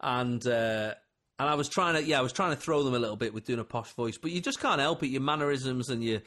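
A comedian guest in casual chat, an animated storyteller who laughs often. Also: male voice, mid-range voice, fast talker.

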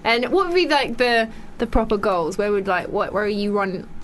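A woman's voice: medium pitch, animated, normal speed, a little hiss or hum. A woman hosting a radio show, chatty and enthusiastic as she interviews studio guests. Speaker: radio host.

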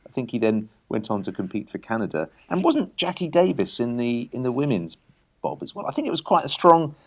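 A man's voice: mid-range voice, very animated, brisk. A man co-hosting a radio show, chatting and asking leading questions. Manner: conversational, asks leading questions. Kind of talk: casual chat.

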